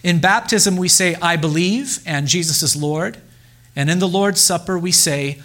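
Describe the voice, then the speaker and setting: A pastor delivers a sermon in a slightly raised male voice. He speaks deliberately and with emphasis, pausing often and repeating key phrases. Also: high voice, fairly bright tone.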